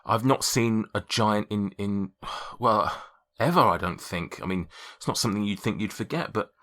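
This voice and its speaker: A flustered keeper woman, voiced by a man running the game, polite and stumbling over her words. She keeps close to his own low, bright-toned voice. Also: normal speed. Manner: hesitant, stammering politeness.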